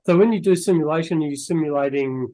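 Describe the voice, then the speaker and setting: A man's voice: on the high side, fast talker, mellow. A man hosting a study group on a video call, speaking politely and appreciatively. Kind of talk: casual chat on a video call.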